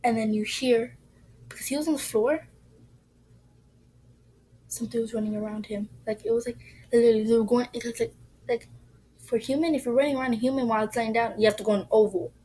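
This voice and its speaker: A woman's voice: fairly high pitch, fairly even intonation, fast talker, pauses often, dark tone, slightly rough, poor audio. A woman telling a ghost story in a casual, rambling way, often dropping to a whisper.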